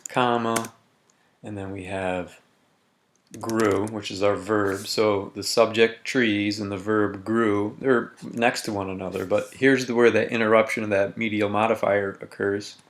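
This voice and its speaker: Male teacher, lowish voice, methodical recorded lesson, slow emphatic reading of examples, faint typing behind. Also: flat delivery, a little hiss or hum. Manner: methodical, reads example sentences slowly with emphasis. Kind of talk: recorded grammar lesson walkthrough.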